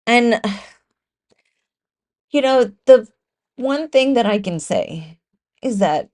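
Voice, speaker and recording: A woman's voice: fairly high pitch, animated, very slow, a little mellow. A woman hosting her own podcast, talking alone in a raw, confessional way and swearing freely. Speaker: podcast host. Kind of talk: candid solo podcast monologue.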